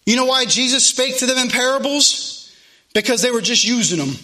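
A man preaching as pastor, loud and animated, repeating his phrases. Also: very high-pitched, fairly quick. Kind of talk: sermon.

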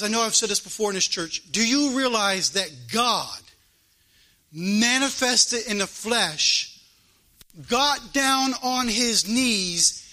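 A man's voice: very high-pitched, sharp tone, poor audio. A man preaching a fervent sermon in church, his delivery rising into a chanted cadence. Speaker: pastor.

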